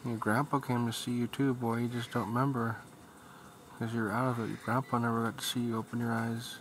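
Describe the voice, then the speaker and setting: A man talking softly to his newborn son as his father, cooing and repeating himself. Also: mid-range voice, level tone, slight background noise, low-quality recording. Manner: soft, slow, repetitive cooing. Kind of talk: baby talk to newborn son.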